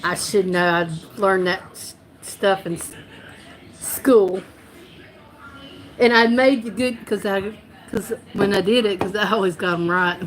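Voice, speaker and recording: Woman, livestream host, rambling casual chat, quick to laugh, mid-pitched voice. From North Carolina. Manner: rambling, laughs often, self-correcting. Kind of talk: casual live-stream chat.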